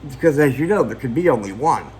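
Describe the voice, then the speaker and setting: A man's voice: medium pitch, lively intonation, fast, slight background noise, poor audio. A man giving a casual, jokey, profane film recap, acting out characters and sound effects. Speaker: film reviewer.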